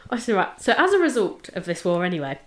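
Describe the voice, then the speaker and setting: A woman's voice: mid-range voice, a bit bright. A woman co-hosting a podcast, telling a history case in rambling casual chat. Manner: chatty, rambling, with fillers and self-checks. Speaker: podcast co-host presenting the case.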